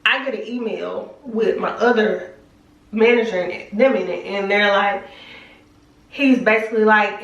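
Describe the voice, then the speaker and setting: A woman's voice: mid-range voice, unhurried, far from the mic, highs cut off. Chatty young woman in a roomy echo. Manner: candid, emotional, chatty with many "like" fillers. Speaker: vlogger. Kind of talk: casual storytelling testimony. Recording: roomy echo, speaking from off the mic.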